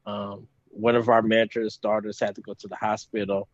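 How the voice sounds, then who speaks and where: A man's voice: fairly low pitch, little pitch movement, moderate pace, no echo. A man hosting a podcast over a video call, chatting casually with hesitant fillers and steering the talk with questions. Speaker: podcast host. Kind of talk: casual chat. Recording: muffled video call audio.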